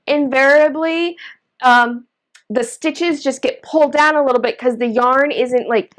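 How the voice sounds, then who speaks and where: A woman's voice: high-pitched, a bit bright. A woman hosting a knitting video, chatting casually while she demonstrates, enthusiastic and gushing with frequent exclamations.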